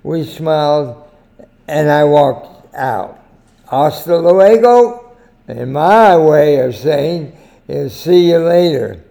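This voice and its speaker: An older man with an American accent tells a personal anecdote for a weekly editorial. His voice is gravelly and mellow, and he unhurriedly lets each phrase land. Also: a little high, slow pace. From United States. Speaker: editorial host. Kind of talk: short spoken editorial with anecdotes.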